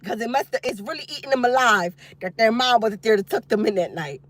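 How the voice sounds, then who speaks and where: A woman vlogger chatting casually with her viewers from outside a youth football practice. She is expressive and loose, with frequent laughter. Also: fairly high pitch, brisk, dry recording. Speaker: single mom vlogger talking to viewers. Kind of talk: casual chat.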